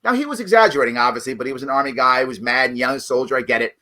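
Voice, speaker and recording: A man's voice: medium pitch, very fast, pushed and bright. A middle-aged man hosting a livestream political commentary show, talking bluntly and emphatically straight to his viewers.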